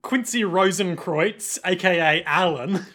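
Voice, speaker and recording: A man's voice: high-pitched, unhurried, fairly bright tone. A man co-hosting a podcast, recapping an anime episode in casual chat, laughing often and leaning on "like". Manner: laughs often, heavy use of "like". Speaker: podcast co-host.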